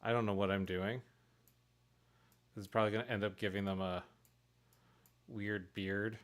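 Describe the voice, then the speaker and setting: A man's voice: lowish voice, fairly even intonation, moderate pace. A man casually narrating his work on a live stream, thinking aloud and chuckling at his own mistakes. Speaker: streamer making pixel art for a game.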